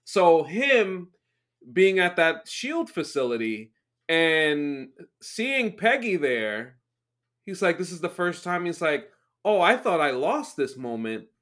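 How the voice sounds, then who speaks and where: A man hosting a podcast, chatting casually, enthusiastic and halting as he restarts his sentences. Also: fairly high pitch, sing-song, a bit bright. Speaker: podcast host. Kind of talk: casual chat.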